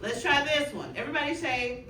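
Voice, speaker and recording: A young woman student teacher leading a class in a phonics drill, with clear, drawn-out prompts and quick praise, recorded in a classroom by a camera at a distance. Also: high voice. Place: classroom full of children. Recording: echoey, distant classroom recording with background noise.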